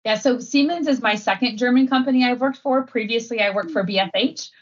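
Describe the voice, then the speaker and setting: Talking fairly quickly in a higher-than-average voice, a middle-aged Wisconsin woman who leads sustainability chats casually as an interview guest. She laughs often and keeps dropping "um" and "like," and the recording sounds muffled.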